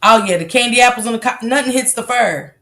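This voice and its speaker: A fast-talking woman from the American South, with a fairly high and slightly bright voice, hosts a casual livestream. She reads viewer comments and chats loosely, swearing freely and laughing often.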